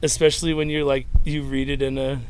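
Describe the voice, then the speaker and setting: A man's voice: medium pitch, flat delivery, a little fast, a little mellow, smooth. A man from Chicago, a podcaster, answering interview questions in a playful way. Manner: playful, laughing. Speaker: podcaster and musician.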